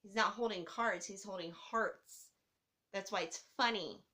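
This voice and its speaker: A young woman hosting a casual movie review countdown, excitable and swearing, laughing and swooping up and down as she talks. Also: mid-range voice, unhurried. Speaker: host.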